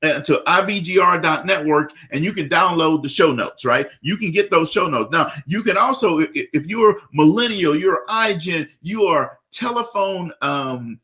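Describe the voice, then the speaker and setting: A man hosting a radio talk show, energetic and repetitive, often tagging on questions. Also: a little high, moderate pace, hardly any pauses.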